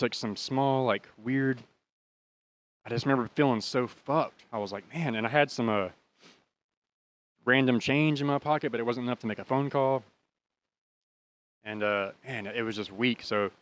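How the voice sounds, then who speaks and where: Still laughing at his misfortune, the thirtysomething American podcast host keeps up his loose, profanity-laced tale. He has a mid-range, fairly bright voice.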